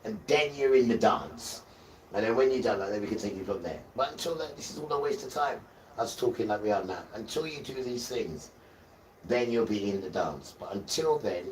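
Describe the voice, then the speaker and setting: A man's voice: fairly low pitch, moderate pace, far from the mic. A man giving a rambling, preachy religious talk on a live stream and calling his viewers guys. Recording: roomy sound from away from the mic, faint noise.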